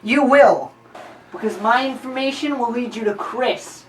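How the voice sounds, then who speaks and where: A woman's voice: fairly high pitch, a little slow, a little hiss or hum, natural voice, low-quality recording. A woman playing a rambling, scheming informant. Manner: long-winded, deadpan storytelling.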